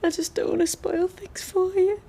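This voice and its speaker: An actress playing a wry, guarded young barmaid with a dry, sardonic manner. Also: female voice, very high voice, little pitch movement, normal speed, creaky, mellow. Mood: upset.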